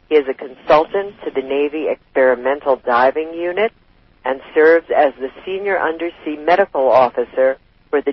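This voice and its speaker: A man's voice: on the high side, no room sound, dull audio. A man hosting a talk show, reading out a long guest introduction and then asking questions in an earnest way.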